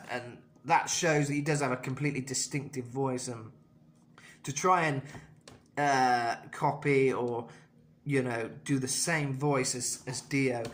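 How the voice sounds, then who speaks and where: A man teaching a singing lesson, explaining technique in a thoughtful way with many fillers and restarts. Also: mid-range voice. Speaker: vocal coach.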